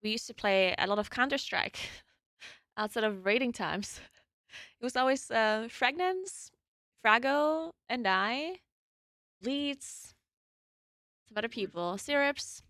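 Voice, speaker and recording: A bright, lively young woman with a South Tyrolean German accent, her pitch set a little high and bouncing freely as she chats with viewers. She giggles often and drops the odd swear word. Her voice sits close and dry, with no room around it. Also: slow pace, long pauses, no room sound. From South Tyrol, Italy. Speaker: streamer. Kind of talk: casual chat answering live chat.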